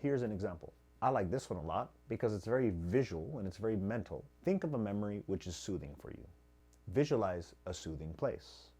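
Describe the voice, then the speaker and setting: Husky lower-voiced guy giving parenting tips, repeats stuff for emphasis. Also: expressive, fairly quick, warm tone. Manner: emphatic, repeats key phrases with rising force. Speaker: parenting channel host. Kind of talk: scripted parenting advice.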